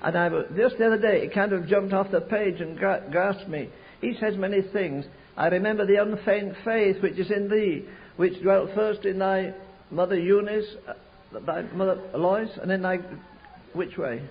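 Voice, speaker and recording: Older preacher, high voice, muffled recording. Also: male voice. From England. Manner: storytelling with slow emphatic stretches, rising to fervent pleas. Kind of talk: sermon.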